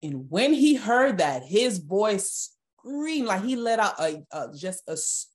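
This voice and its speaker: A woman's voice: fairly low pitch, lively intonation, a little slow. A young adult woman giving a personal testimony as a guest on an interview podcast, earnest and emotional, with many restarts.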